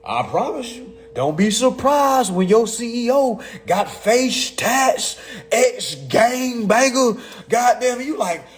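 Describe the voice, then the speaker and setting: A man, talking in a profane, excitable casual monologue, reading legal text aloud and mocking it. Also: very high-pitched, slow pace. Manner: profane, excitable, laughs often, reads text aloud and mocks it. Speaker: commentator on consumer law.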